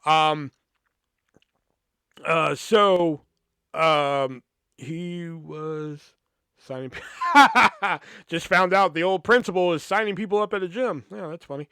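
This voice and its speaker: A man with a fairly high voice tells a meandering story from his school days. He swears constantly, pads his sentences with filler words and keeps restarting them. The sound is dry, with no room echo. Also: takes it slowly, pauses often, bright, forceful tone, smooth. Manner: rambling, heavy swearing, many fillers. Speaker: podcast host. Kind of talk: casual storytelling.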